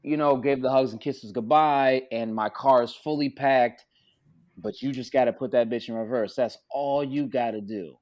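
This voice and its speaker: A man, an actor guest on a podcast, telling stories in an animated, casual way with plenty of cursing and acted-out quotes. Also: mid-range voice, normal speed, lo-fi sound. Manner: animated, profane, acts out quotes. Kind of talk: casual storytelling.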